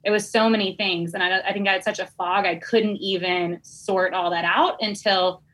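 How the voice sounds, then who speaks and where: Bright-voiced woman telling her story. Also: medium pitch, steady tone, moderate pace, poor audio. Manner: candid, earnest storytelling. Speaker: podcast guest, teacher. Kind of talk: casual podcast conversation.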